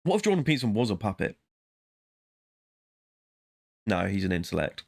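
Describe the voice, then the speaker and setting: A man's voice: on the low side, sing-song, racing, gravelly, darkish tone. A man vlogging in a casual, rambling monologue, talking to himself and breaking off mid-thought. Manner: rambling, self-interrupting, muttering to himself.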